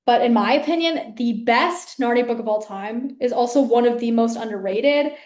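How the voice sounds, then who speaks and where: A woman's voice: on the high side, moderate pace, darkish tone. A woman hosting her own video, talking casually and rambling with many fillers and restarts. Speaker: video host. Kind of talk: casual rambling talk to camera. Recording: echoey room.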